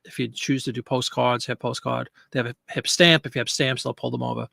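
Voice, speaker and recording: A man's voice: mid-range voice, flat delivery, a little fast, vocal fry, pushed and bright, no echo. A man hosting a casual live stream from a home studio, chatty and jokey, greeting viewers by name. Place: home studio with green screen. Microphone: desk microphone.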